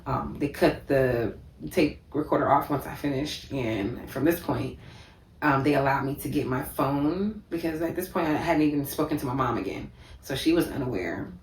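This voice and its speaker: A woman's voice: extremely low pitch, moderate pace, a little hiss or hum. A woman vlogger telling a personal story in a vivid, repetitive way, with many fillers. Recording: echoey room, distant mic.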